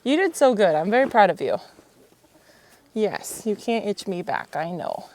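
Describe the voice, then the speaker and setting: Outdoors at a windy horse pen, a chatty woman who owns the horse and vlogs soothes it, narrating casually as she tends to it. Her mid-range voice swings widely in pitch at a moderate pace, and she speaks gently to the animal, laughing often.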